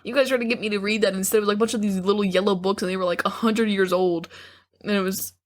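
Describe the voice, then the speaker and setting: A woman co-hosting a casual podcast, tired and dry, with deadpan quips. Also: mid-range voice, racing. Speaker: podcast co-host. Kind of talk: casual chat.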